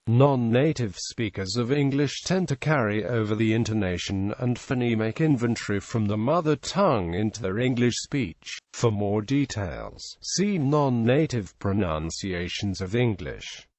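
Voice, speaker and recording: A man reading an encyclopedia article aloud in a steady, choppy manner that breaks lists into short fragments. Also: on the low side, dry recording. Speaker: article narrator.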